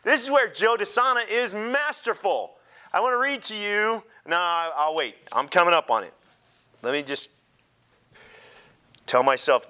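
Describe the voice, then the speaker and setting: A man pastor preaching a sermon in an animated way, joking and laughing with the congregation. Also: high-pitched, moderate pace.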